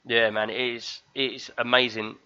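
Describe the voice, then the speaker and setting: Show regular, man in his thirties, bright forceful voice, lively storyteller, dull lo-fi recording. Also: medium pitch, normal speed, clean tone. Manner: animated storyteller, acts out screams. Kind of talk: casual chat.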